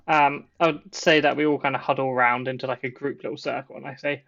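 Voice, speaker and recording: A man takes his turn in a tabletop game, talking casually with the group. His mid-pitched voice comes through a dull, lo-fi mic. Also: steady tone, a little fast, creaky, bright, forceful tone. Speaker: player. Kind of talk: tabletop role-play chat.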